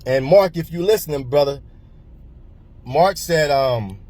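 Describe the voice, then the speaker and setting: A man's voice: on the high side, expressive, measured pace, a little mellow. A man in his forties from New Jersey, telling a personal story in a rambling way with many fillers and repeats. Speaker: vlogger.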